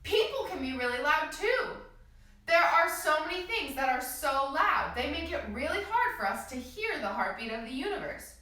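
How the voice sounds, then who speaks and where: Bright, sing-song kids' yoga teacher, a woman; room echo, voice off-mic. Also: sits high, sing-song, normal speed. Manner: sing-song, gently encouraging, speaks to small children. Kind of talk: children's yoga class instruction. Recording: echoey room, voice from a distance.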